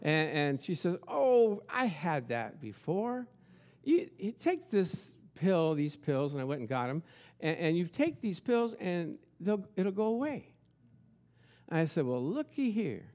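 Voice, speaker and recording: A male pastor preaching a sermon, animated and storytelling, at times shouting. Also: high-pitched, a little slow.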